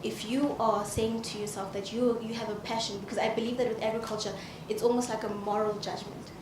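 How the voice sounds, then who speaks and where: A woman's voice: a little high, little pitch movement, fairly quick. A woman speaking emotionally and emphatically from the audience at a panel. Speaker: audience member. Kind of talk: earnest comment from the floor. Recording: echoey hall with noisy ambience.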